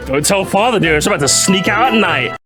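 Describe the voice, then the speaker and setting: A man's voice: sits high, lively intonation, a little fast, music in the background, pitched above the performer's own voice. A man voicing a bratty, mischievous young dragon prince who pleads with his father in a whiny put-on voice.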